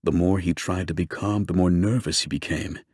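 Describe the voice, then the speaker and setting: Brief: male audiobook reader, low voice, dry close mic, steady measured delivery. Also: husky, dry recording. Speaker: audiobook narrator. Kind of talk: scripted narration.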